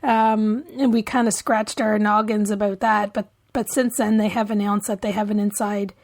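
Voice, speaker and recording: A woman's voice: mid-range voice, level tone, normal speed, a little mellow. A woman co-hosting a podcast from Canada, chatting casually, often laughing and trailing off mid-sentence. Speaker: podcast co-host. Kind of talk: casual chat.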